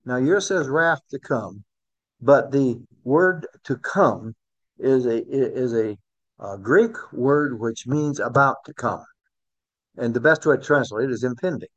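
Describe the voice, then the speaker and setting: A man teaching a Bible class in a conversational way, asking his listeners questions and rising in pitch to stress key words. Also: a little slow, muffled recording.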